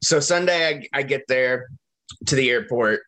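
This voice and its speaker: A man's voice: mid-range voice, normal speed. Man swearing through a travel story. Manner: profane, animated anecdote-telling. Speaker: podcast co-host. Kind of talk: casual storytelling chat.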